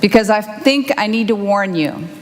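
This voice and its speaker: A woman's voice: medium pitch, expressive, normal speed. Upbeat woman preaching in a reverberant hall. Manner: upbeat, teasing, guides listeners through reflection. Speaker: minister. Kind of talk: sermon. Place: church sanctuary. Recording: long hall reverb, faint ambience.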